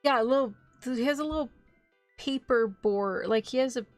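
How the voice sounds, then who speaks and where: A higher-pitched woman chats animatedly about anime into a close streaming mic, laughing often and swearing when she gets indignant. The sound is very dry, with soft music under her voice. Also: moderate pace, no room sound. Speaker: VTuber host. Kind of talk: casual anime recap.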